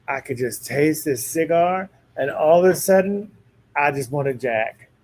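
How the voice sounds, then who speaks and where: A man's voice: on the high side, unhurried, low-quality recording. A man, a psychic medium, telling a story in casual chat and acting out the lines of the people in it. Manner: animated storyteller who acts out quoted dialogue.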